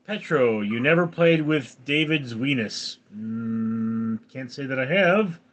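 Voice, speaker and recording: A slightly high, animated voice with a bit of brightness comes from a Californian host in his forties, speaking a little slowly. He's running a casual livestream, reading the chat and replying dryly.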